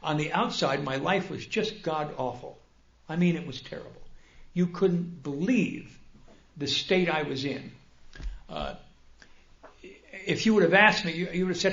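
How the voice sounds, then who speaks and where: A gravelly, fairly high voice from an older man who tells his own story with wry, self-mocking humor and lively bursts. He speaks to a large meeting hall, and the dull, roomy recording echoes around him. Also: measured pace, slight background noise. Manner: humorous, self-deprecating and animated. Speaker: speaker at a recovery convention. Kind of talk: personal storytelling talk.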